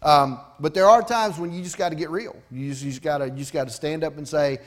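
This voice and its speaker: A man's voice: fairly high pitch, quick pace, few pauses. A middle-aged pastor, preaching a folksy, conversational sermon with asides to his congregation.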